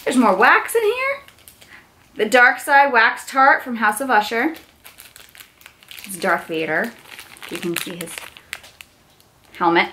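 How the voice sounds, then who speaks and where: High, gushing young woman unboxing gifts. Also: sing-song, slow pace, long pauses, bright, forceful tone, slight background noise. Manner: gushing, squealing exclamations. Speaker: vlogger. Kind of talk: unboxing vlog.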